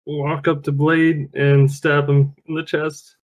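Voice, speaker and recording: A man's voice: on the high side, little pitch movement, slow pace, low-quality recording. A man playing a tabletop role-playing game, talking casually, thinking aloud and swearing when things go wrong.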